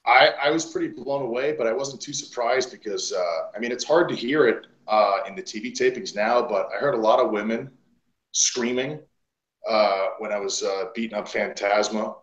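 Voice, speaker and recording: Profane wrestler telling stories, echoey room. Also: male voice, mid-range voice, normal speed. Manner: blunt, profane, animated storytelling. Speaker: guest wrestler. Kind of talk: casual podcast interview storytelling. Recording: roomy echo.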